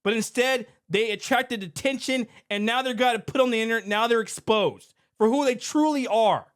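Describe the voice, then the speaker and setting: A man's voice: extremely high pitch, normal speed, clean tone. A middle-aged man who owns a security company, talking through an incident in a casual, conversational podcast manner. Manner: animated, conversational, repeats himself. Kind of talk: commentary podcast.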